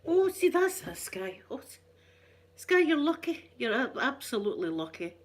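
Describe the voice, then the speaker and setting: A woman's voice: high voice, sing-song, moderate pace. A middle-aged Scottish woman chatting casually for her ASMR channel, rambling through cheeky, self-mocking stories. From Scotland.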